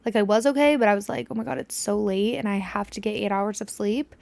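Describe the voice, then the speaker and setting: A woman's voice: medium pitch, fast, vocal fry, a little mellow, no echo. A young woman hosting a podcast, telling a story in casual chat, swearing freely and dropping to a whisper when she acts out scenes. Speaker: podcast host.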